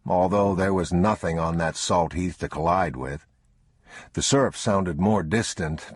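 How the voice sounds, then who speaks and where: A man narrating an audiobook in a measured, unhurried way. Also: sits low, husky, no room sound, studio quality. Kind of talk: scripted narration.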